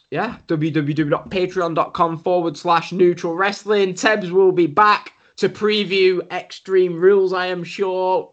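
A man's voice: fairly high pitch, a bit bright, lo-fi sound. A man hosting a wrestling podcast, chatting casually with jokes at his own expense and plenty of swearing. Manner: joking, self-mocking, swears freely.

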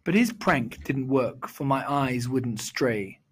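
Husky man reciting a rhyming poem. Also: medium pitch, expressive. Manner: measured, sing-song rhyming delivery. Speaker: storyteller.

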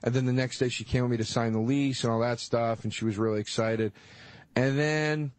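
A man's voice: mid-range voice, steady tone, brisk, dry recording. A man in his thirties telling a personal story in casual chat, rambling and hesitant with lots of fillers. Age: 30s. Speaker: podcast co-host.

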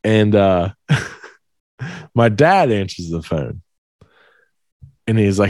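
A man telling a story in casual chat, animated and profane, often laughing. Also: fairly low pitch, extremely slow, no room sound, studio quality. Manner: animated, profane, laughs through his stories.

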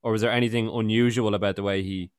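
A male podcast host asking his guest questions, eager and encouraging. His voice is smooth and resonant at a middle pitch. It is recorded dry and close. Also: fairly even intonation, fast talker, dry recording. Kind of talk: interview questions.

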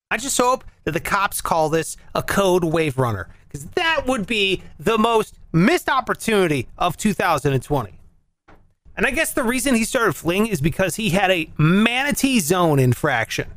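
A comedy show host delivering a jokey monologue, animated and quick to switch into silly voices. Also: medium pitch, dry recording. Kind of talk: comic monologue.

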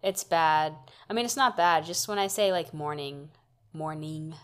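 A woman's voice: on the low side, normal speed, smooth. A woman co-hosting a podcast, chatting casually with dry joking asides. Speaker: podcast co-host. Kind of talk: casual chat.

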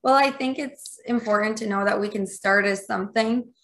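This is a woman with a thick Minnesotan accent, co-hosting a podcast. She speaks at a mid pitch in relaxed casual chat. Her talk is playful and rambles a little. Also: moderate pace. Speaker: podcast co-host.

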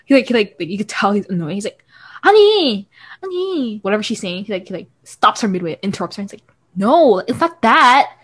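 A woman's voice: mid-range voice, slightly rough. A teenage girl co-hosting a podcast, telling sibling stories in casual chat and mixing in Korean words. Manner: rapid storytelling with Korean words mixed in. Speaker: podcast co-host.

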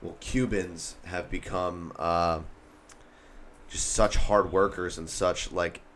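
A man's voice: low voice, fairly even intonation, takes it slowly, a bit bright, slight background noise. A man in casual podcast chat, blunt and profane in his remarks.

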